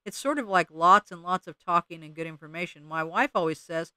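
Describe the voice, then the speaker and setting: A slow, drawling mole , as a man voices him, talks as if his words were stuck in soil, rambling ungrammatically. The tone stays crisp and bright in a dry storybook reading. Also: fairly high pitch, no room sound. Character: slow, dim, henpecked male mole.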